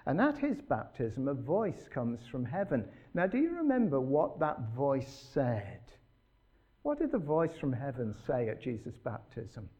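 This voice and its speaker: A man's voice: mid-range voice, big pitch swings, unhurried, warm tone, slightly rough, lo-fi sound. A man preaching a sermon in an earnest, emphatic way, putting rhetorical questions to his listeners.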